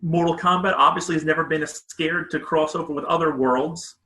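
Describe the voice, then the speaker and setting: A man co-hosts a casual gaming chat in an upbeat, agreeable way. His voice sits a little high, and the room around him is echoey. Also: fairly even intonation, fairly quick, bright, forceful tone. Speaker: co-host.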